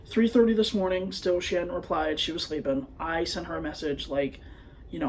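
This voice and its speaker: A man's voice: fairly high pitch, measured pace, a little hiss or hum. A young man vlogging into his phone, telling a personal story in a hesitant, rambling way full of fillers. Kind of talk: confessional personal vlog.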